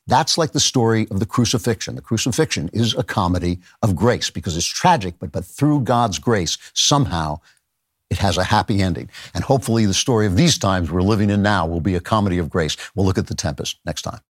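Male podcast host, low voice, earnest lecturing delivery that slows for recited lines; dry, close-miked sound. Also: animated, no room sound. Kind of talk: lecturing commentary.

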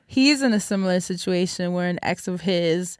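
A woman's voice: fairly low pitch, normal speed, clean tone, no room sound, studio quality. A woman co-hosting a podcast, candid and chatty with light laughs. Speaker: podcast co-host. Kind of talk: casual chat.

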